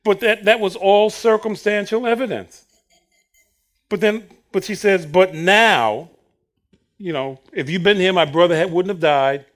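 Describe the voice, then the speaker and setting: With a high voice and a measured pace, a man preaches a sermon in an animated way. He acts out what the Bible characters say, breaking into bursts of laughter.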